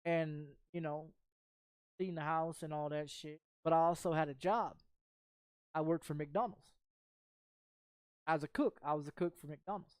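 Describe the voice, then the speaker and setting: A man's voice: on the high side, fairly even intonation, a little slow, pauses often, smooth, no echo, studio quality. A man telling a personal story in casual chat while streaming a game, profane and rambling with frequent repeats.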